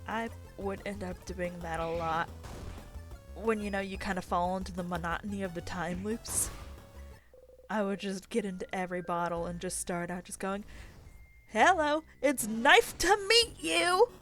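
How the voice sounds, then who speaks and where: A woman's voice: fairly low pitch, steady tone, normal speed, faint music behind. A woman casually commenting on a game as she plays and reads its text aloud, rambling and poking fun at herself. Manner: rambling, self-deprecating, playful. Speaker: let's player.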